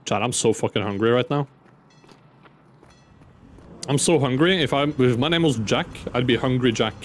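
A man's voice: mid-range voice, moderate pace, slight background noise. A man streaming a shooter game, chatting casually, joking and griping about teammates with plenty of swearing. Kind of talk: casual gameplay commentary. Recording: streamed over loud game sounds and mouse clicks.

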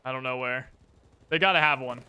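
A man commentating his own shooter gameplay, excitable and reactive, with game gunfire behind him. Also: medium pitch, brisk, smooth. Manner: excitable, reactive, jokey, exclaims often. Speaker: gaming channel host. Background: gunfire and explosions from the game.

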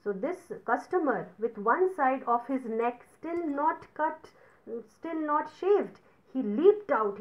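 A woman's voice: on the high side, dull audio. A woman teacher reading a story to children, stopping to explain words and retell each passage in simpler terms. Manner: explains words slowly, repeats and paraphrases.

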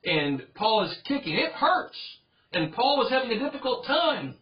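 A man's voice: very high-pitched, very animated, moderate pace, highs cut off. A pastor giving an earnest Bible study sermon, driving his points home by repeating phrases.

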